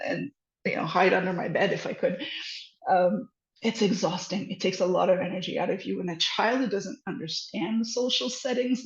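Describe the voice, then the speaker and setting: Woman parenting educator, casual and animated, with a gravelly voice and a dull sound. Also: mid-range voice. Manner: animated, laughs often, fidgety restarts. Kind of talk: casual advice talk. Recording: echoey room, dull lo-fi sound.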